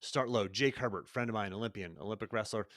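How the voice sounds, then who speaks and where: A man's voice: on the low side, fast, a bit bright, no room sound, clean studio sound. A middle-aged man hosting his own podcast, talking energetically and conversationally, often tossing in rhetorical questions. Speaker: podcast host and coach. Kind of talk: solo podcast monologue.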